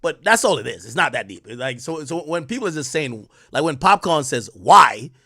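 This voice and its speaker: Young male host from Jamaica, slightly high voice, animated, restart-heavy stream commentary. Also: a little fast. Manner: animated, laughs, explains with many restarts.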